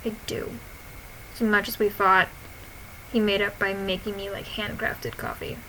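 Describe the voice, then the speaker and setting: Bright giggly young woman vlogger. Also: mid-range voice, moderate pace, slight background noise, low-quality recording. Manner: giggly, swearing, animated retelling. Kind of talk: casual reading of her own posts.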